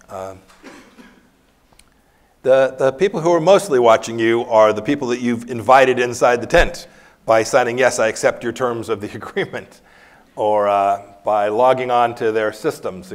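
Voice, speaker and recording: A man's voice: lowish voice, normal speed. A man in his fifties, a guest speaker at a university lecture hall, answering questions candidly and telling anecdotes with bursts of laughter. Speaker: former secretary of state, guest speaker. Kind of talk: campus lecture Q&A, storytelling.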